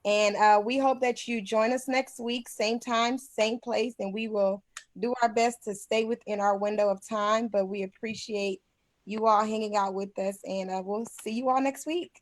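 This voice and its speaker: A woman's voice: mid-range voice, fairly even intonation, moderate pace, dry recording. A woman hosting an online session, closing it over a video call in an upbeat, thankful way. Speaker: host of the session.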